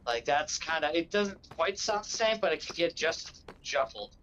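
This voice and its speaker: A man chats loosely on a gaming livestream, circling his point with fillers and restarts. His voice sits a little high, and the stream audio is dull and lo-fi with a faint hiss underneath. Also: lively intonation, moderate pace, fairly bright tone. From northeastern United States. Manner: rambling, many fillers and restarts. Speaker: livestream co-host. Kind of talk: casual gaming chat.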